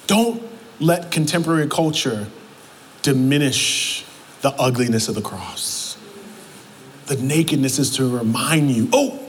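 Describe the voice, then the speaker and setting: A man's voice: mid-range voice, a little hiss or hum. A man preaching a sermon in a church, emphatic and repeating his words, calling out to the congregation. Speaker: pastor. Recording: long hall reverb, faint ambience.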